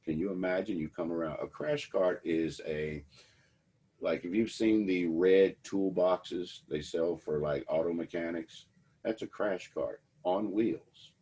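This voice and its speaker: A man's voice: deep voice, unhurried, mellow, slightly rough. A man giving a lecture to students, telling a personal story in a wry, conversational way. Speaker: instructor.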